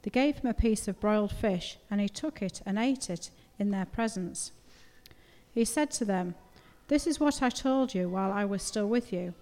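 A woman reading a Bible passage aloud to a congregation in a steady, measured way. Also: medium pitch. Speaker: scripture reader. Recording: reverberant hall recording.

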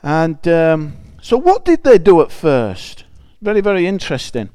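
A man's voice: a little high, huge pitch swings, measured pace, dark tone, smooth, no room sound. A man preaching a conversational sermon. He reads scripture aloud and explains it in a chatty, emphatic way, often restarting phrases.

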